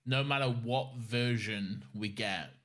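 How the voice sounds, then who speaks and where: A man co-hosting a podcast in casual chat, relaxed and giggly. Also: mid-range voice. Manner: relaxed, giggly, drawn-out phrases. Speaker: podcast co-host.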